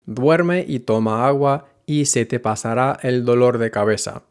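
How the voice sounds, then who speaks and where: A man at medium pitch walks learners through grammar in a language lesson, clearly and step by step. When he reaches example sentences, he slows down.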